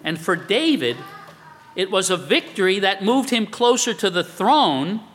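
A man preaching a sermon as a pastor, animated and emphatic. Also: sits high, measured pace, a little hiss or hum. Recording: long hall reverb.

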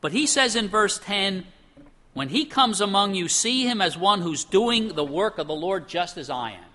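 A man preaching a sermon in an animated way, acting out the voices of the people he quotes. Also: high-pitched, normal speed.

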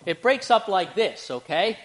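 A male pastor preaching a conversational sermon in church, halting with fillers and restarts and speaking directly to the children. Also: high-pitched, big pitch swings, fairly bright tone. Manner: addresses children in the congregation directly.

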